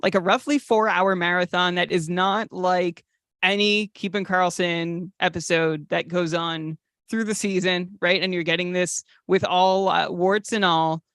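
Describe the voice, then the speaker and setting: A man's voice: high-pitched, fairly even intonation, measured pace, fairly bright tone, clean tone, no room sound, clean studio sound. Nervous rambling male podcast co-host. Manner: nervous, rambling, with filler words. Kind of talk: casual podcast chat.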